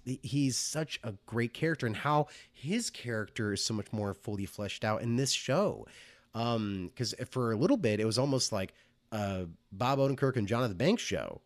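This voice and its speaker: A man's voice: mid-range voice, moderate pace, no echo. A man hosting a casual podcast discussion, enthusiastic and rambling, with many restarts. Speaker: podcast host.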